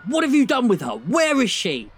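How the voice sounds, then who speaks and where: A man voicing a frantic shouting father. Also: on the high side, lively intonation, moderate pace, heavy background noise, natural voice. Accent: British. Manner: shouting accusations. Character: frantic middle-aged father, scruffy, aggressive.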